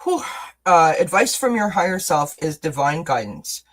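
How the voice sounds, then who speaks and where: During a casual livestreamed tarot reading, the reader stays chatty, warm and encouraging, answering chat comments and tossing in self-deprecating asides between cards. The mid-range voice swings widely in pitch at normal speed, and the recording is rough.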